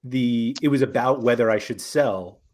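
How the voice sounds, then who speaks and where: Male podcast host, mid-pitched, chatty and rambling, many fillers. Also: normal speed, darkish tone. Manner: rambling, self-correcting, frequent fillers. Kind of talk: casual podcast chat.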